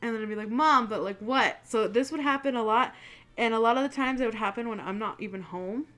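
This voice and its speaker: A woman's voice: fairly high pitch, quick pace, fairly bright tone. A young woman hosting her channel, chatting casually and telling spooky stories, swearing freely and acting out what people said. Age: young adult. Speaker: channel host.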